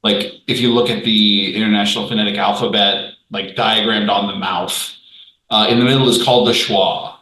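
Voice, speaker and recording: A player explaining at length in casual table chat. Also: male voice, lowish voice, moderate pace. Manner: explains things at length, animated. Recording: echoey room, distant from mic.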